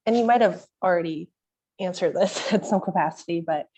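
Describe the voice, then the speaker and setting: A woman's voice: on the low side, fairly quick, mellow, a little hiss or hum. A woman taking part in a workshop who asks a question over a video call, hesitant and full of fillers. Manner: hesitant, with many fillers and restarts. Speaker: workshop participant. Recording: dull lo-fi video call audio.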